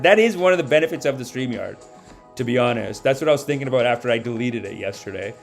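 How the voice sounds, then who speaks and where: A man's voice: a little high, fast talker, a bit bright, soft background music. A man hosting a comedy live stream, ranting casually in a rambling, profane way into a home mic.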